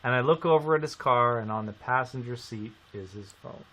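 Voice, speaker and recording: A man from Canada casually telling a story on a live stream, animated and swearing. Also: mid-range voice, a little fast, a little hiss or hum. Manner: animated, swearing storyteller who acts out quotes.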